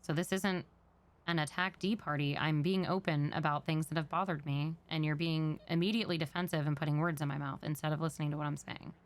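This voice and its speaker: A woman speaks in character during a role-play scene, low in pitch with a smooth, clean tone. She is earnest and explains her feelings at length. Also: fairly even intonation, fairly quick.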